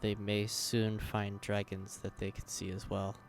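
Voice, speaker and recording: An actor playing a grim, wary male dragoon warrior in a game cutscene, speaking in a measured, brooding way. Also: on the low side, monotone, soft background music, natural voice.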